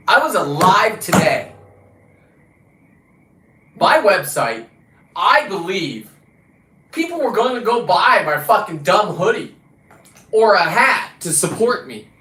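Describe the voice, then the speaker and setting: A man hosting a livestream, ranting casually and combatively with a lot of swearing, his pitch and volume jumping around. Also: sing-song, takes it slowly, pauses often, sharp tone, roomy sound, rough recording. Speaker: livestream host. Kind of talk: casual profane rant.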